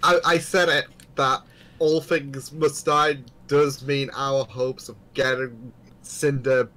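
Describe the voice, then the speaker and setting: A man's voice: medium pitch, level tone, slow pace, bright, forceful tone, rough recording. Hesitant young man in casual fan chat. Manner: hesitant, filler-heavy, earnest fan talk. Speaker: podcast co-host.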